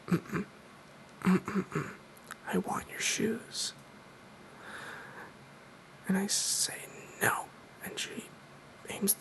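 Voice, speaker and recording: A man telling a mock-serious story in a soft-spoken, deadpan ASMR style. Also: high-pitched, gravelly, rough recording. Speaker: ASMR creator.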